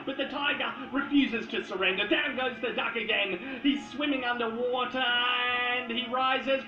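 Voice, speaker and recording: A man giving excitable, profane comedic commentary over animal clips, breaking into yelled outbursts. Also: very high-pitched, normal speed, a little hiss or hum. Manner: excitable, profane, yelling bursts. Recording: roomy, dull lo-fi with faint music.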